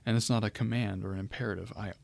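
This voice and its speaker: Low gravelly male Greek teacher. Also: fairly even intonation, rapid-fire, a little mellow, no echo. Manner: explanatory, with frequent ums and restarts. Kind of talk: recorded lecture walkthrough.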